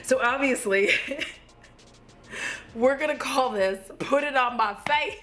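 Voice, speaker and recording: A woman with a slightly high voice hosts a casual makeup review vlog from home. She is tipsy and talks in an excitable, gushing rush, with swearing sprinkled all through. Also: slow, faint music behind. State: tipsy from drinking. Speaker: beauty vlogger.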